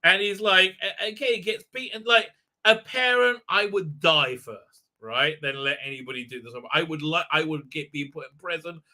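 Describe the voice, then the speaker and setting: A male host recapping a TV episode on a live stream in heated, indignant casual talk, full of halting restarts. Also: on the high side, sharp tone. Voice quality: frequent filler sounds and restarts, heated, indignant. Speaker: show host.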